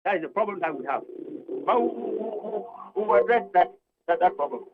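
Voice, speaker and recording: A man's voice: high voice, expressive, fairly quick, phone-quality sound, heavy background noise. An older man with a Ghanaian accent, a labour union leader arguing emphatically on a radio talk show, repeating his points and switching between English and Twi.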